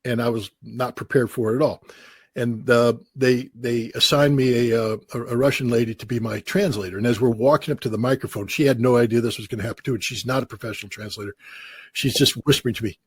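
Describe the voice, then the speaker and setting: A man in his sixties from the United States, telling lively anecdotes as an interview guest, acting out quoted voices. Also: medium pitch, fast talker, husky. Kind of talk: storytelling in an interview.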